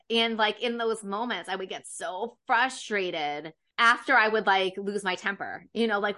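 Bright-voiced woman podcast host. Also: medium pitch, moderate pace, few pauses. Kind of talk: casual interview chat.

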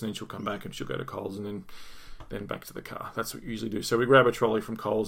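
An Australian man in middle age, speaking at an ordinary pitch as he hosts his own podcast. He tells a story in a loose, rambling monologue, swears freely and stumbles over repeated words as he goes. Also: gravelly, fairly bright tone. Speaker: podcast host.

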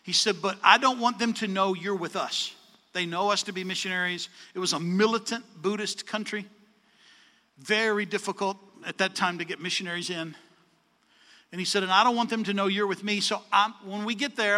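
A man telling a story in a sermon, animated, acting out the dialogue with changes of voice. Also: high-pitched, big-room sound. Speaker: preacher.

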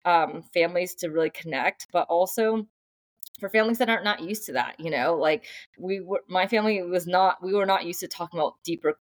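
A woman's voice: on the low side, fairly quick, no echo. A young adult woman, a podcast guest and author, talking through her family life in an earnest, reflective way, with many fillers and restarts. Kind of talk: casual conversational interview.

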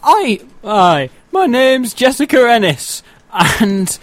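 A man's voice: extremely high pitch, big pitch swings, slow, no room sound, pitched above the performer's own voice, exaggerated voice. A man doing an improvised impression of a boastful female athlete with a put-on thick Sheffield accent, rambling and hesitant. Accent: Sheffield, Northern English (put on). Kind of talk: improv comedy.

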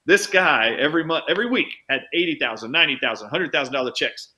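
Man, chiropractor guest, bright voice, lively storytelling, speeds up and slows down. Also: fairly high pitch. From United States. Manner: animated anecdote-teller, speeds up and slows down for emphasis. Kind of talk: conversational storytelling.

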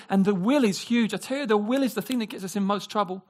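Man preaching, high voice, animated, acts out voices, hushed passages. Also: quick pace, hardly any pauses. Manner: animated, acts out quoted voices, drops to a hush. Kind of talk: sermon.

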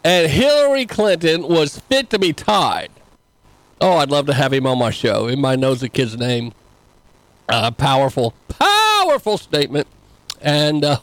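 A man's voice: a little high, no echo. Folksy rambling male show host. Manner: rambling, filler-heavy, folksy. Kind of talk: casual commentary.

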